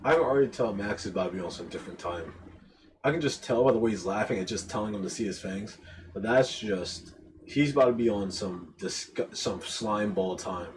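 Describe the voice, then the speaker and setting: A man with a lower-pitched voice reacts casually to a video and thinks things through aloud. There is faint ambient noise in the background. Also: a little fast, rough recording.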